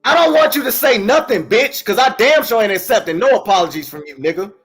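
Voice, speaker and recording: A high-pitched man shouting profane insults on a live stream. He talks in loud, taunting bursts. Faint music plays under his voice. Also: animated, fast, slightly rough. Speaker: livestream host. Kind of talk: heated trash talk on a live stream.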